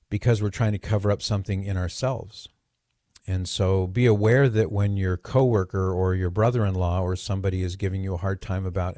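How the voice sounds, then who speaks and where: A man hosting a radio show, telling a personal story in a lively monologue and acting out the quoted dialogue. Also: fairly low pitch, no room sound, studio quality. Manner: animated, acts out quoted dialogue.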